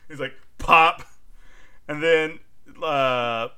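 Animated, bright-voiced podcast man. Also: mid-range voice, brisk. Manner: animated, frequent filler likes and laughs. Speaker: podcast co-host. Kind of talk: casual chat.

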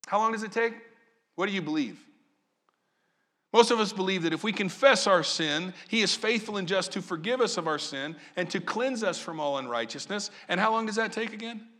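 Animated, bright-voiced male preacher. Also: high-pitched, fairly quick. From Southern Illinois. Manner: animated, asks the congregation questions. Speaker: pastor. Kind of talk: sermon.

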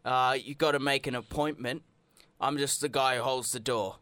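A man's voice: mid-range voice, fairly even intonation, moderate pace, a bit bright, no room sound, lightly acted. A man playing a snooty hospital doorman, British accent. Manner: snooty, condescending. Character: pompous male doorman at a fancy hospital.

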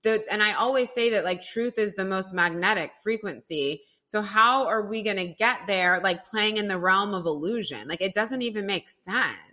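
A young woman guesting on a podcast as a business mentor, talking emphatically and dropping swear words casually. Her voice is bright and forward. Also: mid-range voice, moderate pace, few pauses. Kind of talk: casual chat.

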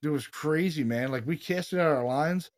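A man hosting a paranormal podcast, telling stories in a casual, animated way, swearing freely and saying "dude" a lot. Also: fairly high pitch, moderate pace. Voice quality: animated storyteller, swears freely, says "dude" and "you know what I mean" a lot. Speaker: podcast host, paranormal investigator. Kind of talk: casual chat.

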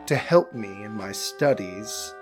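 Composed mysterious sorceress, slow and measured, faint music behind, as a game master puts her on. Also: fairly low pitch. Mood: bargaining. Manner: calm, measured, condescending. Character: poised mysterious masked woman mage, amused. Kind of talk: tabletop role-play.

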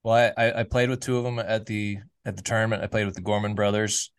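A man's voice: lowish voice, fairly even intonation, fast talker, smooth, no echo. A man hosting a sports podcast, chiming in with short remarks and finishing his guest's sentences. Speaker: podcast host. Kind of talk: casual podcast interview.

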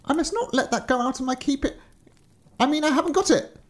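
A man's voice: big pitch swings, brisk, a little mellow. A man voicing a frightened, fawning male steward who is a terrible liar. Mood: terrified. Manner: high, pleading and wheedling.

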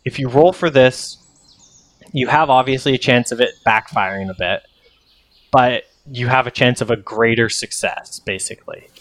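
A man's voice: medium pitch, normal speed, a bit bright, no echo. A man narrating as game master of a tabletop game, hesitant and full of restarts.

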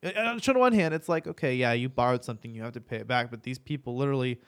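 A man hosts a laid-back gaming podcast and talks through his thoughts as they come. He trails off, restarts sentences and breaks into laughs along the way. His voice sits at an ordinary middle pitch. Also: expressive, very fast, clean tone. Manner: rambling, many fillers and restarts, laughs often. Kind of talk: casual gaming podcast chat.

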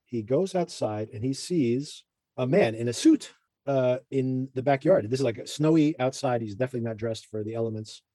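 A man's voice: mid-range voice, moderate pace, warm tone, no echo. A man hosting a podcast, recapping a TV show in a chatty, rambling way with asides. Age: adult parent. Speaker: podcast host. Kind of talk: casual TV recap chat.

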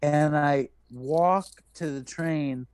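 A man's voice: a little high, very slow, smooth, dry recording. A man from New York City hosting a podcast, telling a story in casual chat, acting out the people in it and swearing freely. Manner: animated storyteller, acts out quotes, swears freely. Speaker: podcast host.

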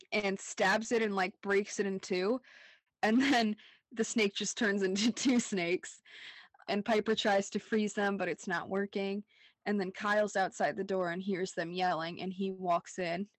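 A woman's voice: mid-range voice, fairly even intonation, unhurried, no echo. Young woman cohost chatting, giggles a lot, says like constantly, dry mic. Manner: laughs often, says "like" a lot, recaps scenes. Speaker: podcast co-host. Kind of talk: casual rewatch chat.

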